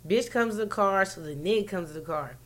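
A woman telling a story in a loose, profane chat. She is animated and swings into loud, laughing bursts, and her pitch sits in an ordinary middle range. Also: fairly quick. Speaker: podcast co-host telling a story.

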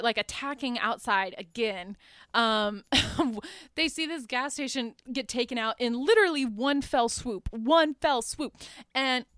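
A woman's voice: a little high, a bit bright, smooth, dry recording, clean studio sound. Chatty young woman recapping a film. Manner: chatty, lots of "like" and laughs, acts out quotes. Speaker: podcast host.

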